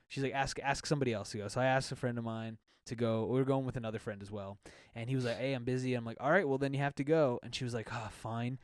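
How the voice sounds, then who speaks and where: A young man co-hosting a podcast, telling a story in an excited, laughing, casual way. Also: mid-range voice, quick pace, no echo, studio quality. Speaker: podcast co-host. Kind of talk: casual chat. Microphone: podcast microphone with windscreen.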